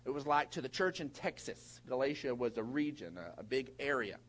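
A middle-aged man preaching a sermon in a folksy way, with big swings in pitch and loudness and many repeated words. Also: animated, a little fast. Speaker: pastor.

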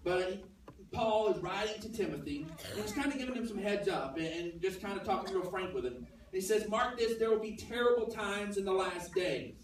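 A man's voice: sits high, brisk. A man preaching a sermon as pastor, telling a personal story in a conversational way and acting out the other people's lines. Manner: conversational storytelling, acts out dialogue. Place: church sanctuary. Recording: very echoey church from a distance.

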